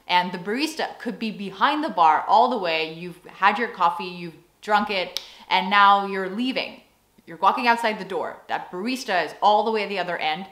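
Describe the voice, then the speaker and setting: A young American woman talking casually to camera in a vlog, chatty and animated, with playful acted-out asides. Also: on the low side, echoey room. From United States. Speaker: vlogger.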